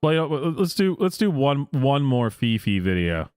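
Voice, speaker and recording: Incredulous man's lively reaction commentary. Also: medium pitch, clean tone, no echo, clean studio sound, faint music behind. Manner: incredulous, laughing, halting. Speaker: host.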